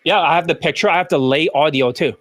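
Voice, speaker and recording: A man's voice: a little high, fast, a bit bright, slight background noise. A man hosting his own channel as a dating coach, giving blunt, profane, combative commentary over clips.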